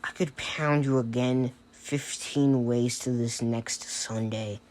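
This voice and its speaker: A man's voice: mid-range voice, steady tone, slow pace, darkish tone, close to an everyday voice. Deku, a man doing a scornful teenage boy. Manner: contemptuous, cutting insults.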